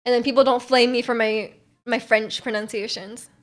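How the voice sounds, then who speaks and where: A woman's voice: a little high, flat delivery, moderate pace. A young woman from Canada, streaming and chatting casually while reading viewer messages, rambling with lots of fillers and giggly asides.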